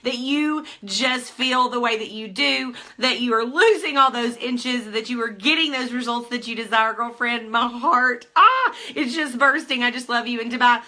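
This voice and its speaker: High bright-voiced woman gushing on a live stream, all emotional and effusive. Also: steady tone, moderate pace, few pauses. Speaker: host of a team live call. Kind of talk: casual livestream chat.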